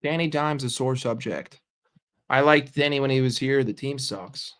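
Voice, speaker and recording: A man hosting a casual live stream and bantering with his chat in an animated, profane way. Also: mid-range voice, normal speed, clear, resonant tone. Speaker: livestream host.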